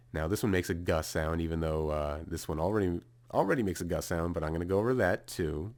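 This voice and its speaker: Casting: man with a very low voice, relaxed self-taught lesson tone, casual phrasing, sounds out letters. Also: fairly quick. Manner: casual, thinking aloud, fillers and restarts while sounding out runes. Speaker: video creator explaining a rune spelling system.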